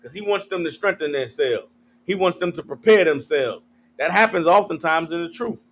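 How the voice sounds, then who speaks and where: A man's voice: on the high side, animated, moderate pace, a little hiss or hum. A man giving street-style Bible teaching, slangy and casual, calling for answers from the room. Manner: call-and-response with the room, slangy, acts out quotes.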